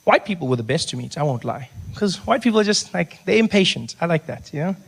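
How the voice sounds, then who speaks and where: A man from South Africa doing stand-up comedy, telling stories quickly and dropping into hushed voices for the characters. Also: on the high side, sing-song, vocal fry, breathy edge.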